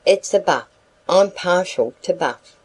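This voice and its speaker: A woman's voice: fairly low pitch, animated, unhurried, a little mellow, husky, poor audio. A woman voicing a stern, dignified older woman who gives curt, commanding orders.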